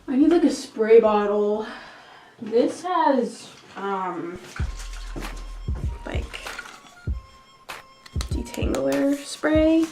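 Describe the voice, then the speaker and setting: A woman's voice: a little high, vocal fry. A young woman vlogging casually to camera, rambling nervously and mocking herself. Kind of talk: casual vlog chat.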